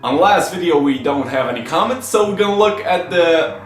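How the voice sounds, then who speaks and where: A man's voice: fairly high pitch, expressive, moderate pace, distant mic. A young man chatting casually as a vlogger, earnest and rambling with many fillers. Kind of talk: casual chat. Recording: echoey room, off-mic, faint background music.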